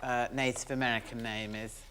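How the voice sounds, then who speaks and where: A woman's voice: very deep voice, flat delivery, fairly quick. A woman on a comedy panel show, making dry, teasing jokes. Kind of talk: comic panel banter. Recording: studio with loud noise.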